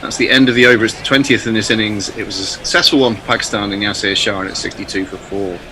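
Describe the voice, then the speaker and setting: Male cricket commentator, very bright tone, live ball-by-ball calls, light background hiss. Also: on the low side, fast talker, low-quality recording. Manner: lively calls of the play, then relaxed chat.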